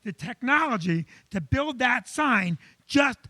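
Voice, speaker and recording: A man's voice: very high-pitched, lively intonation, takes it slowly, bright, forceful tone, dry recording, exaggerated voice. A male comedian impersonating a nervous young employee who stutters through excuses to his boss. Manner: stuttering, pleading.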